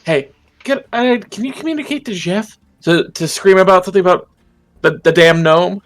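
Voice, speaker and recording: A man's voice: high-pitched, moderate pace. A man playing a blunt, sardonic adventurer who mutters asides.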